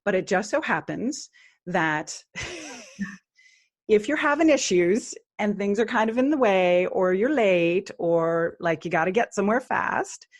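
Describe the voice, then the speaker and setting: A woman speaking as a guest on a podcast in an earnest spiritual interview, at times chanting mantras slowly. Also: mid-range voice, animated.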